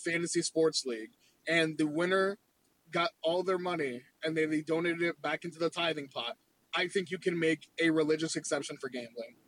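A man's voice: fairly high pitch, brisk, fairly bright tone. A man in casual podcast chat who jokes and rambles, filling his talk with "like" and repeated words. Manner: joking, rambling, heavy use of "like" and repeated words.

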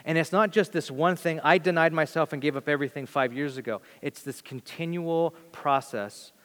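A man preaching a sermon as pastor, animated and acting out quoted voices, with some stammers. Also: on the high side, normal speed. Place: church sanctuary. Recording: long reverb of a church hall.

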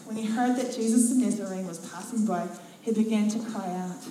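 A woman preaching a sermon in a church, telling Bible stories with lively, expressive delivery and acting out the lines. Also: medium pitch, fairly quick, few pauses, slight background noise. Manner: expressive storytelling, acts out quotes. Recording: very echoey church from a distance.

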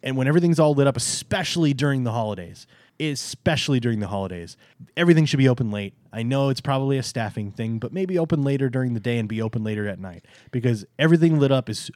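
A man co-hosting a podcast in casual chat. He jokes a lot and speaks with emphasis, and his voice is slightly hoarse from allergies. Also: mid-range voice, expressive, quick pace, darkish tone, no echo, studio quality. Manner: enthusiastic, joking, emphatic. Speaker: podcast co-host.

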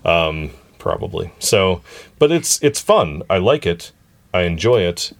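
A man's voice: deep voice, big pitch swings, measured pace, vocal fry. A man hosting a casual family podcast, telling goofy jokes and talking about editing the episodes. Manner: goofy, tells groan-worthy jokes. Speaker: podcast host and editor.

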